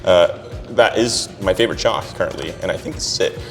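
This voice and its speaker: A man co-hosting a climbing video, thinking aloud in a relaxed, casual chat. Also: sits low, fairly quick, big-room sound, soft background music. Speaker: climbing channel co-host.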